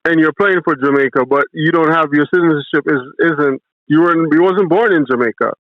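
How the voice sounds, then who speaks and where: A man's voice: fairly high pitch, fairly quick, dry recording. A man joining a radio call-in debate, hesitating and restarting his phrases as he lays out a point. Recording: tinny phone-like line, dry.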